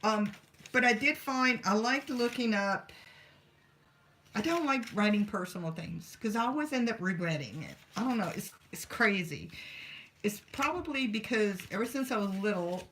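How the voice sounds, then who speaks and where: A chatty woman talks her way through a crafting session at home, wandering from one thought to the next and muttering to herself as she works. Her voice sits at an easy middle pitch, and a faint hiss runs under the recording. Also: lively intonation, moderate pace, fairly bright tone. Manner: rambling, chatty, talks to herself while working. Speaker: craft vlogger. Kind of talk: casual crafting chat.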